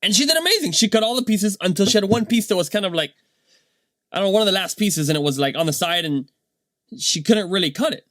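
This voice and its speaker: A man, a dad, telling a casual motivational story in a rambling, animated way, tagging his points with "right?". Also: sits high, fast, no room sound. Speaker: vlogger and dad.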